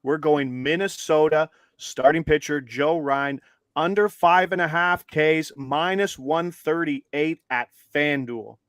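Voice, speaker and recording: A man's voice: a little high, takes it slowly, no echo. Upbeat man co-hosting a betting stream. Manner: upbeat, steady and instructive, walks viewers through steps. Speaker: co-host.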